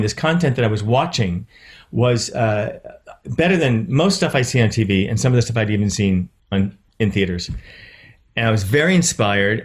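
Animated man telling stories as a guest. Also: mid-range voice. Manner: animated, repeats words when starting. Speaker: actor and producer, guest. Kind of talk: casual interview storytelling.

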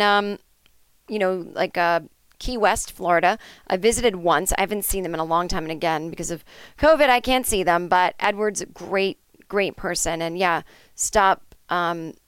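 A woman's voice: fairly low pitch, moderate pace, clear, resonant tone, dry recording. A woman hosting a podcast, telling an improvised comic story in a rambling, chatty way with lots of fillers and asides. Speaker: podcast host.

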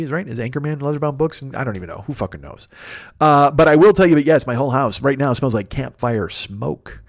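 A man in his fifties doing a rambling, profane, self-mocking solo comedy podcast from his apartment, talking into a microphone turned sideways. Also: medium pitch. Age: 50s. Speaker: podcast host.

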